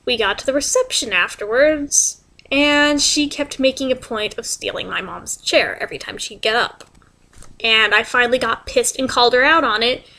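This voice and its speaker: Young woman vlogger, high voice, casual, exasperated, salty language. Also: normal speed, vocal fry, bright, forceful tone. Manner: chatty, exasperated, swears freely. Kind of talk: casual storytelling vlog.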